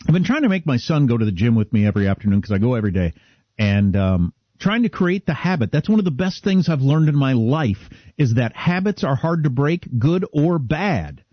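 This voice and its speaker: A middle-aged male radio co-host with a slightly husky voice that swings lively up and down as he chats. The sound is dry and a bit dull, like a close studio mic. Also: mid-range voice, brisk, no room sound. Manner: chatty, animated, self-deprecating. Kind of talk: casual talk show chat.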